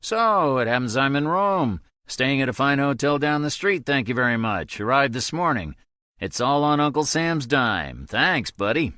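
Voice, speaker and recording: A man's voice: medium pitch, very animated, normal speed, pushed and bright, no room sound, clean studio sound, pitched above the performer's own voice. A man voicing a sarcastic middle-aged male CIA agent, breezy and joking in an audiobook. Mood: wry, teasing.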